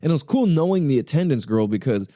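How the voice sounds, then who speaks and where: A man's voice: a little high, big pitch swings, fast talker, warm tone, no room sound, clean studio sound. A young man hosting a podcast, telling a story in casual, profane slang full of fillers. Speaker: podcast host.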